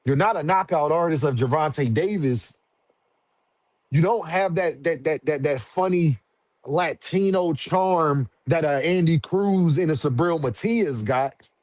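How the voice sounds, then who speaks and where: A man's voice: fairly high pitch, unhurried, no room sound. Slangy man riffing to chat, dry close mic. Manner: slangy, animated, talks back to chat. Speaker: boxing commentary streamer. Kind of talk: casual livestream commentary.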